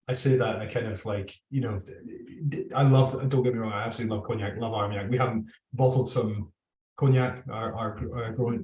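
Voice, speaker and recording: A man's voice: fairly low pitch, darkish tone, echoey room, low-quality recording. A man with a Scottish accent talking casually over a video call, opinionated and rambling. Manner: opinionated, rambling, self-described drinks geek. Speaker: guest whisky bottler. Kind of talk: casual virtual tasting chat.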